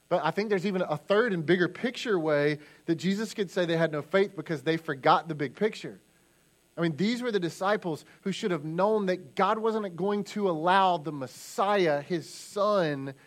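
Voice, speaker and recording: Man, pastor, sermon, fairly high voice, emphatic, repeats lines for emphasis, church stage mic. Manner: emphatic preaching, repeats key lines, acts out quotes.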